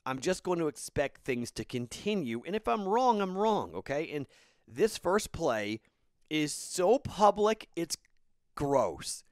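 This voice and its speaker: A man's voice: on the high side, big pitch swings, slow, no echo, clean studio sound. A man in his thirties, a podcast host, telling a casual rambling story and then giving betting picks, tired and self-correcting.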